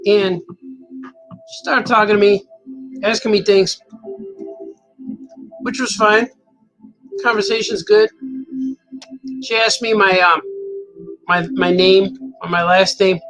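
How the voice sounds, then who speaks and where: A man's voice: sits high, a bit bright, poor audio. A man telling a rambling, playful anecdote in a casual monologue, often chuckling. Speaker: cartoonist telling a story.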